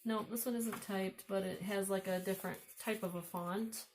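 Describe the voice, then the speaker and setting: A woman's voice: mid-range voice, fairly even intonation, normal speed, a little mellow, a little hiss or hum. A woman with an Upper Midwest American accent, chatting casually as she shows off vintage books she found at thrift stores and admires the pictures while thinking aloud. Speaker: vlogger showing thrift finds. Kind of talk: casual show-and-tell.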